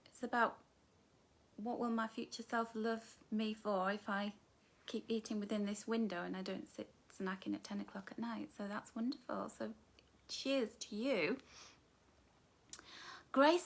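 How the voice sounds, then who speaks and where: Middle-aged Englishwoman, live-stream host, affectionate and chatty, slightly high voice. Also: normal speed, gravelly. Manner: warm, affectionate, calls viewers darling and my love. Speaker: author hosting a live book launch. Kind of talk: live-stream chat reading viewer comments.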